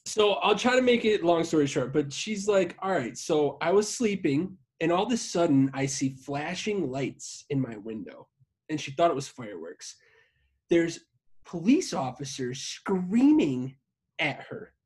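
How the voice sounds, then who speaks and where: A man hosting a podcast, telling a story in casual chat. He is animated and profane, and he acts out the voices he quotes. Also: a little high, measured pace, husky. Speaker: podcast host.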